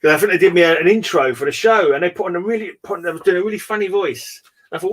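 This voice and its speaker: A man with a fairly high voice chats casually as host of an online hangout. He rambles through his stories, restarts his sentences often and laughs easily. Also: very fast, slight background noise. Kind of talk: casual chat. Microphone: remote call.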